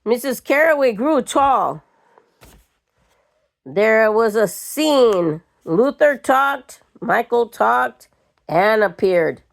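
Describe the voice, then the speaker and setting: An older woman reading a short story aloud in a slow, measured way. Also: a little high, animated, creaky. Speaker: reader.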